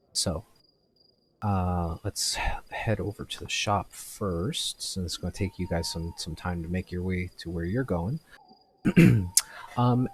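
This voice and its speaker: A man acting as game master, narrating a tabletop game in a halting way with many fillers. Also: sits low, a little hiss or hum.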